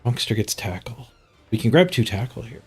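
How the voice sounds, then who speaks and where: A man's voice: medium pitch, expressive, brisk, breathy edge, faint music behind. A man streaming a game, reading stats and musing casually to himself, a bit stuffed up. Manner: muttering to himself, chuckling at stats. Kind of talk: casual gameplay commentary.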